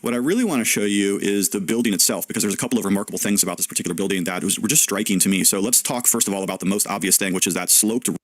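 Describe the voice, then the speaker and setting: A man's voice: fairly low pitch, racing, few pauses, dry recording. A man, a pastor, explaining a location in a played video, pointing things out step by step. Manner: explanatory, walks through the scene.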